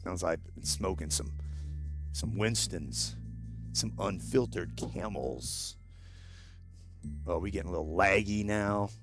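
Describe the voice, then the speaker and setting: A man with a sore throat and a gravelly voice, walking through a video game casually and bluntly, explaining each step. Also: low voice, unhurried, long pauses, music in the background. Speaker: gaming YouTuber. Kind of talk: casual gameplay walkthrough.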